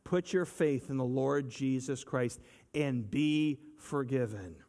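A man's voice: mid-range voice, slow pace, warm tone. A man preaching a sermon in an earnest voice, repeating his phrases and asking the listeners for agreement. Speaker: pastor.

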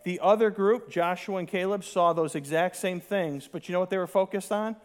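High-voiced, animated male preacher. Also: fairly quick. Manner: animated, sarcastic asides, mocking complainers' voices. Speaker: pastor. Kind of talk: sermon.

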